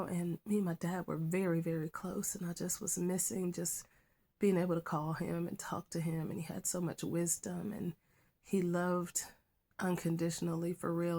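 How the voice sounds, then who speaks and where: Low-voiced woman, soft halting testimony. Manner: soft, halting, drops to a whisper at times. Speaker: schoolteacher. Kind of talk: personal faith testimony.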